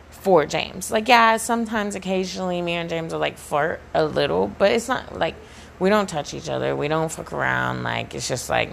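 Young woman, heavy vocal fry, lowish voice, profane storytime rant, faint ambient hiss. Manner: profane, emphatic, heavy use of "like".

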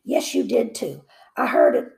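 A woman's voice: fairly high pitch, big pitch swings, unhurried, vocal fry, roomy sound, heavily acted. A woman voicing a church member who whispers a grudging forgiveness to her pastor. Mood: curt. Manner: hushed, curt whisper.

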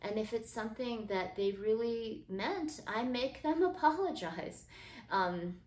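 A middle-aged woman hosting a podcast, talking earnestly and gently about parenting, with soft fillers and restarts. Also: a little high, expressive, a little slow. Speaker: podcast host. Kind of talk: casual faith-based parenting talk. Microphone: built-in phone mic. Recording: roomy phone recording with faint noise.

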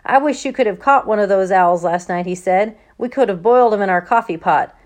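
A gruff old grandfather who brushes off superstition and teases the boy, read by a woman. He speaks in a plain middle-pitched voice with no big change from the reader's own. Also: fairly quick, natural voice. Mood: gruff teasing. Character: kindly teasing old grandfather, hunter.

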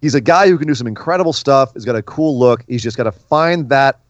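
A man's voice: medium pitch, fast talker, dry recording. Chatty man, dull dry recording. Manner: chatty, repeats words when starting. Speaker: podcast co-host. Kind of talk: casual wrestling talk.

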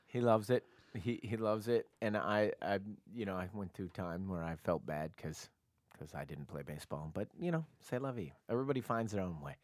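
A man's voice: sits low, lively intonation, brisk, no room sound. A middle-aged man co-hosting a podcast, chatting casually and rambling with self-mocking humor. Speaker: podcast co-host. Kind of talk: casual chat.

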